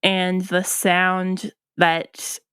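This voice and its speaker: Woman podcast cohost, casual chat, smooth clear voice, lots of ums, dry close mic. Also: fairly low pitch, little pitch movement, drawn-out words, fairly bright tone, dry recording. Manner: hesitant, lots of ums and restarts. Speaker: podcast co-host.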